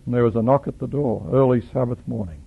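A man's voice: medium pitch, fast, creaky, husky. A man preaching a sermon, telling stories dramatically and acting out the people in them. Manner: dramatic, storytelling with acted quotes. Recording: dull lo-fi recording.

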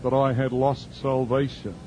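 A man's voice: mid-range voice, flat delivery, normal speed, darkish tone, lo-fi sound, a little hiss or hum, close to an everyday voice. A man voicing an anxious middle-aged woman from a church group, hesitant and troubled as she confesses.

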